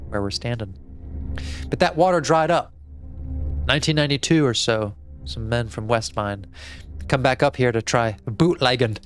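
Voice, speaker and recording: A man's voice: mid-range voice, normal speed, pauses often, lightly acted. A man voicing a sinister, folksy old male cult member in a put-on rural drawl, reading game text aloud. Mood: menacing.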